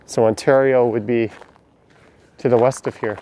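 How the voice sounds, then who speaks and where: A man's voice: mid-range voice, steady tone, moderate pace, mellow. Chatty man streaming outdoors. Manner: chatty, answers viewer questions as he walks. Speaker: live-stream walking vlogger. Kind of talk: casual live-stream narration reading chat. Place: outdoors on city streets and alleys at night.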